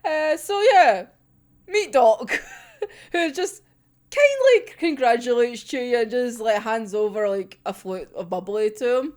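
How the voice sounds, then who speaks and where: A woman's voice: on the high side, takes it slowly. A woman casually recapping a manga chapter, laughing often and swearing freely. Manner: giggly, sweary, animated storytelling. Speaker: manga reaction vlogger.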